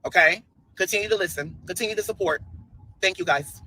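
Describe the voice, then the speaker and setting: A man's voice: high voice, a little fast, sharp tone, breathy edge, no echo, rough recording. A man ranting on a livestream in a sassy, scolding way, repeating himself. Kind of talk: livestream rant.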